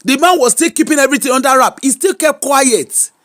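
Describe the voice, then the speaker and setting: This high-voiced Nigerian woman runs her own gossip show, moving briskly through celebrity news. She reacts off the cuff with exclamations and slips in bits of Pidgin and Yoruba, keeping the tone easy and conversational.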